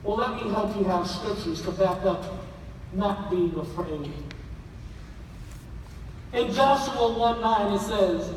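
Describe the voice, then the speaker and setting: A man preaching a sermon with passion, rising to shouts and calling on the congregation to answer. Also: sits high, slow, pauses often, distant mic, a little hiss or hum. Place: large church hall. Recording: echoey hall, voice from afar.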